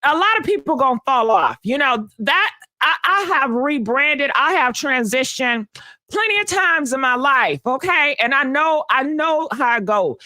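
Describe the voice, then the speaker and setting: A woman hosting a live gossip stream, sassy and animated, chatting with viewers and answering comments. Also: high voice, moderate pace, no room sound. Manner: sassy, animated, calls viewers honey and baby, laughs often. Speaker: host of a live gossip channel. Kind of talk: casual live-stream chat reading comments.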